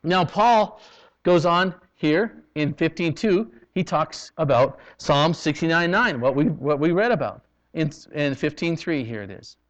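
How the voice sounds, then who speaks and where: A male pastor from Canada preaching a sermon, swinging from loud, emphatic lines to hushed ones, on a dull lo-fi recording. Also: a little high, lively intonation, unhurried.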